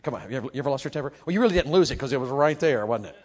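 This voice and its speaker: A man preaching a youth sermon, animated and calling out questions to the crowd, moving from quiet talk to shouting. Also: medium pitch, racing.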